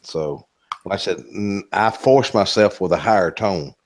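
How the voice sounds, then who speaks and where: A man's voice: low-pitched, moderate pace. A man with a Southern US accent, co-hosting a live stream in a casual, joking drawl that swears now and then.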